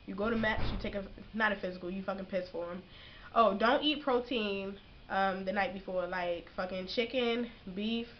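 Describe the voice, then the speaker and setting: A young woman giving casual, profanity-heavy advice in a vlog, telling her story in a slangy, animated way. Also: medium pitch, highs cut off, a little hiss or hum. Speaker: vlogger giving boot camp advice.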